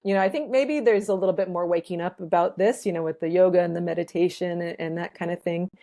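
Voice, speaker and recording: A woman's voice: on the low side, fast, mellow. A woman guest in a casual interview, explaining ideas thoughtfully and laughing lightly between points. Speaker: ethnobotanist guest.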